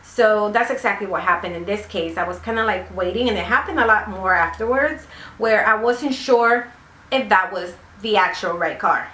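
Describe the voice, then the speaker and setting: A woman's voice: medium pitch, moderate pace, sharp tone, slight background noise. A woman vlogger telling a casual story in a chatty, rambling way, full of fillers. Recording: roomy echo.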